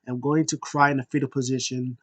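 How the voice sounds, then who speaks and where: A man casually recapping a wrestling show, animated and acting out the wrestlers' lines in quick impressions. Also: mid-range voice.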